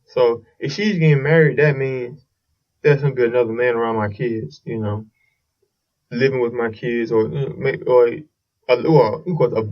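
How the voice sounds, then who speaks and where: A man's voice: mid-range voice, distant mic, lo-fi sound. A man hosting a casual solo podcast, telling a long story in a rambling way with restarts and swearing. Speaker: podcast host.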